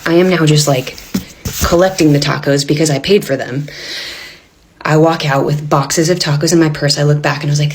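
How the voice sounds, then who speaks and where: A woman with a notably low voice tells a personal story straight to camera. Her delivery is casual and wry, with dry comic timing. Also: fairly even intonation, a little fast, a little hiss or hum.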